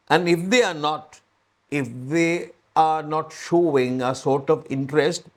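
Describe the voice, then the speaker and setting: Patient Sri Lankan man teaching English. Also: fairly high pitch. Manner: patient, repeats phrases and checks understanding. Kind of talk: spoken English lesson.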